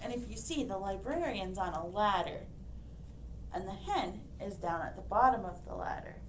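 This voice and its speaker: A woman librarian reading a picture book aloud to children, expressive and animated, pointing out the pictures. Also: mid-range voice, normal speed, a little hiss or hum.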